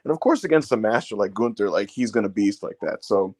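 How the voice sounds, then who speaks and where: A man's voice: lowish voice, fairly quick. A man co-hosting a wrestling review podcast, talking in loose, profane, joking banter. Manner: animated, laughing, profane banter. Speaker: podcast co-host. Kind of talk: casual wrestling review chat.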